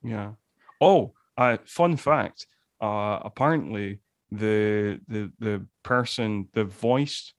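A man's voice: lowish voice, no echo, studio quality. A man co-hosting a podcast, chatting casually about a movie, rambling with lots of restarts and fillers. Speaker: podcast co-host. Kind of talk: casual film discussion.

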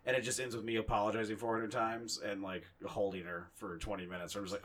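A man's voice: fairly low pitch, level tone, fast, hardly any pauses, a bit bright. A young man co-hosting a podcast in casual chat, telling rambling, profane, self-mocking stories. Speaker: podcast co-host.

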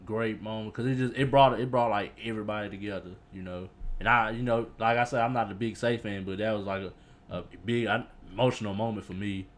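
A man's voice: on the low side, fairly even intonation, brisk. A young man co-hosting a casual sports chat in a laid-back, laughing way. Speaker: podcast co-host.

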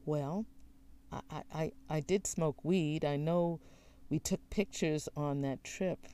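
A woman's voice: deep voice, takes it slowly, mellow, clean tone. A woman reading the lines of a nervous grown son who hesitates and stammers. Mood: stammering.

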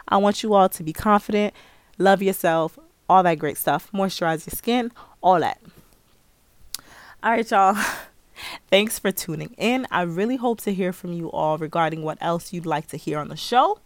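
A woman's voice: on the low side, normal speed, no room sound. A young woman hosting a podcast, giving listeners a casual, playful pep talk full of slang. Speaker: podcast host.

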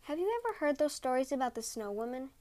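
A woman reading a storybook, voicing a gentle, loving young husband who talks earnestly and pleads. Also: high-pitched, very animated, fast talker. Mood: hesitant. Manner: earnest, pleading, cries out in alarm.

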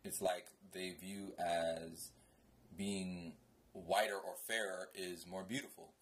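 A man's voice: low voice, steady tone, slow, breathy edge. A man from Jamaica in casual podcast chat, laid-back and slangy, often asking "you know what I mean".

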